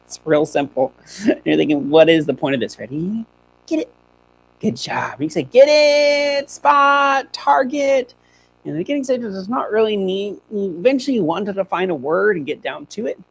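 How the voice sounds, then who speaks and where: A man's voice: fairly high pitch, lively intonation, fast, creaky, a little mellow, low-quality recording. A young man who trains dogs, demonstrating on a live stream in a chatty, upbeat way and talking to his dogs as he goes. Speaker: dog trainer. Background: faint hum.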